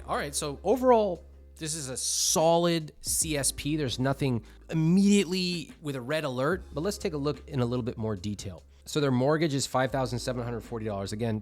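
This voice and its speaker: A man hosting a personal finance show, reviewing viewer budgets in a blunt, animated way with exasperated asides. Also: mid-range voice.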